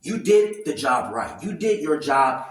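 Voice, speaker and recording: A man ranting loudly and animatedly in casual commentary, swearing freely. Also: medium pitch, measured pace. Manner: loud, animated, profane ranting. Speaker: commentary vlogger. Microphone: camera mic at a distance, no clip-on mic. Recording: very echoey room, voice far from mic.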